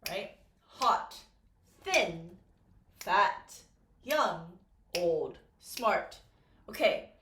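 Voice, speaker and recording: Slow-talking woman teacher, echoey room. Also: a little high, fairly bright tone. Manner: patient, stresses and repeats key words, checks with "right?". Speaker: English teacher. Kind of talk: slow, clear classroom explanation.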